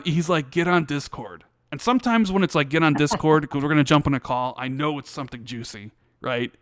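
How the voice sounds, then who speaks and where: A man co-hosting a casual podcast, his voice a touch higher than most men's. He spins a story with energy, acting out both sides of a conversation and tripping over restarts. The sound is close and dry, with no room around it. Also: clean tone, no room sound. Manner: animated storytelling, acts out quoted dialogue; many restarts and fillers. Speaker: podcast co-host. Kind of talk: casual chat.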